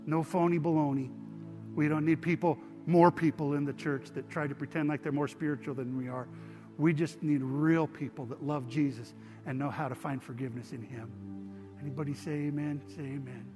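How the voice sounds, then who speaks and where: A man's voice: a little high, a little mellow. A pastor preaching to his congregation, telling stories in a conversational way and then leading a prayer. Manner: storytelling, conversational, addresses congregation directly. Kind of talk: sermon with prayer. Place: church sanctuary.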